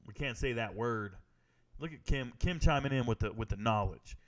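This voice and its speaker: A man's voice: medium pitch, lively intonation, normal speed. A man streaming his reactions to live fights. He jokes, repeats lines, and talks straight to his viewers. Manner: joking, repeats himself, talks straight to chat. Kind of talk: casual live-stream commentary.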